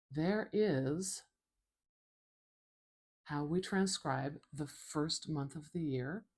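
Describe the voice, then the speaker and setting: Low, slow woman teacher, carefully demonstrating speech sounds. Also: darkish tone. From Canada. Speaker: phonetics teacher. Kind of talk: slow instructional explanation.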